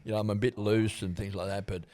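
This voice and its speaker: A man's voice: fairly low pitch, little pitch movement, fast talker, darkish tone. An older man with an Australian accent, chatting about footy as podcast co-host, rambling with fillers and chuckles. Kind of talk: casual footy chat.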